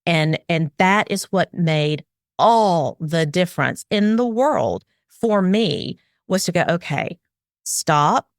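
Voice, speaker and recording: A woman's voice: on the low side, no room sound, studio quality. Earnest middle-aged woman giving parenting advice. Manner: earnest and explanatory, acts out parent and child lines. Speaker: parenting expert guest.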